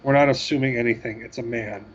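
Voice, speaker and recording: A man co-hosting a gaming podcast, talking in a rambling, halting way with self-deprecating asides. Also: mid-range voice, steady tone, lo-fi sound, a little hiss or hum. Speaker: podcast co-host. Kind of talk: casual chat.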